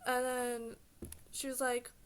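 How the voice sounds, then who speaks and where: Her voice on the high side and her pace slow, a woman vlogger rambles casually through a story, heavy on fillers and "like"s. She sounds exasperated and animated as she vents, with slight background noise audible.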